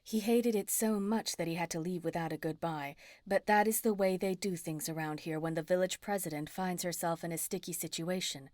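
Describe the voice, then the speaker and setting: A woman's voice: on the low side, steady tone, a little fast, few pauses, dry recording, studio quality, lightly acted. Woman doing a soothing motherly witch. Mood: comforting. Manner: soothing, hushed.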